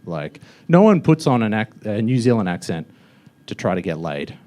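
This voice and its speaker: A man's voice: fairly low pitch, sing-song, moderate pace, darkish tone, a little hiss or hum. A young man doing a mocking stand-up roast in a comedy club, with a loose, offhand delivery full of fillers. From Australia.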